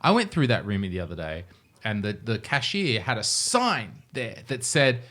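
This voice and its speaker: A man's voice: on the low side, very animated, normal speed, bright, forceful tone. A man co-hosting a casual podcast chat over beers, ranting emphatically and swearing freely. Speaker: podcast co-host.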